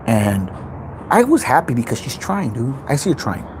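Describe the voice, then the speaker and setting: A man's voice: mid-range voice, wildly swooping pitch, normal speed, a little hiss or hum, poor audio. A man hosting his own self-help channel, giving an intense, unscripted motivational talk in which he repeats points and swears freely.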